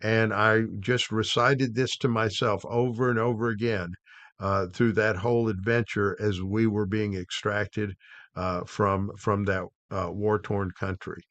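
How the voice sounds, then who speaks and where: Middle-aged male Bible teacher, low voice, dry close sound, halting unhurried delivery. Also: flat delivery, fairly bright tone, no room sound. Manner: unhurried, with frequent "uh" pauses and restarts.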